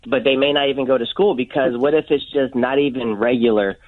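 A man's voice: medium pitch, fairly even intonation, brisk, no room sound. A man calling in to a radio show, earnest and rambling. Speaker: caller. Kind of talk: call-in radio talk. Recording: tinny phone line.

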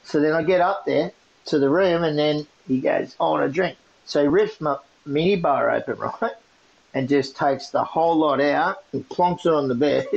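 Gravelly, animated Australian man. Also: fairly high pitch, highs cut off. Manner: animated, laughing often. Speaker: podcast co-host. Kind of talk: casual storytelling.

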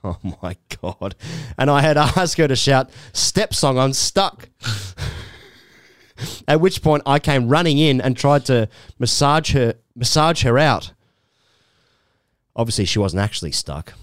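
A man reads a letter aloud on a podcast, his pitch swinging up and down a lot. He laughs often along the way. The sound is dry and close to the mic. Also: big pitch swings, a little slow, long pauses, dry recording. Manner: keeps breaking into laughter while reading. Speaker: podcast co-host. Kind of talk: reading a listener letter aloud.

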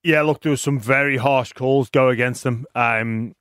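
A man's voice: medium pitch, fairly even intonation, moderate pace, a bit bright, clear, resonant tone, no echo. Hesitant co-host man, dry studio. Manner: hesitant, stumbling starts. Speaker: radio co-host. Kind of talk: casual radio chat.

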